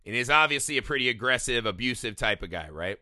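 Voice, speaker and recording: A man in casual chat about a movie, animated, swearing freely and acting out quotes with laughs. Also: mid-range voice, fast, dry recording, studio quality. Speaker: movie podcast co-host.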